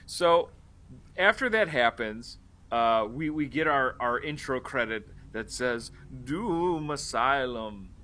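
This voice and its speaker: A man's voice: mid-range voice, expressive, slow pace, sharp tone. A man co-hosting a casual movie-review chat, recapping the plot in a rambling way with fillers and the odd swear. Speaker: podcast co-host.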